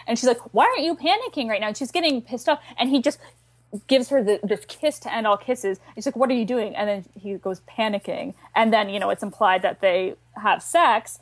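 A young Canadian woman chatting enthusiastically on a podcast, swearing freely and speaking in quick bursts. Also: fairly high pitch, no echo. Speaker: podcast regular contributor. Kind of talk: casual chat.

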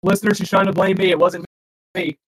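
A man's voice: high-pitched, steady tone, fast talker, breathy edge. A man bantering playfully on a podcast, teasing the host in casual chat.

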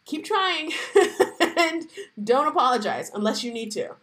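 A woman in her thirties hosts her own podcast in a chatty, wry monologue, laughing often. Her voice sits a little high and swings widely as she talks. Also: very animated, normal speed, a bit bright. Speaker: podcast host.

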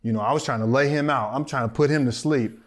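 A man in his thirties, a podcast co-host and former football player, telling an animated story, acting out the voices of the people in it and laughing often. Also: medium pitch, fast talker.

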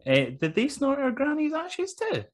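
A man's voice: very high voice, wildly swooping pitch, normal speed. A man hosting a podcast, laid-back and swearing as he runs through segments in casual chat. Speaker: podcast host.

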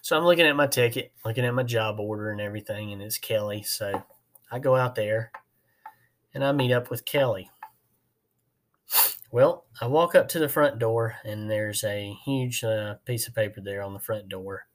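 A man's voice: fairly low pitch, moderate pace. Folksy man telling a work story. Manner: rambling, folksy, with many fillers. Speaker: podcast host, HVAC technician. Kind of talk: casual storytelling.

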